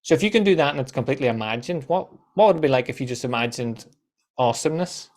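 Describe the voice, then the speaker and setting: A man, a guest on a podcast, telling animated stories and acting out quoted voices, with casual swearing. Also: medium pitch, fast talker. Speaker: guest, content coach.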